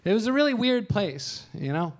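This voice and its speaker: A man with a high, very animated voice speaks at a normal pace. He's performing stand-up on a club stage, holding a mic and telling wry, self-deprecating stories while acting out other people in raised voices.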